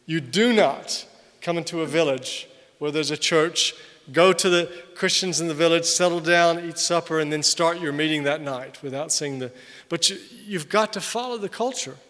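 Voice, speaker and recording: An older man, a missionary, giving an animated conference sermon, loud on emphasis and quiet in asides. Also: on the high side, moderate pace. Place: large hall. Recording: long hall reverb from a distance.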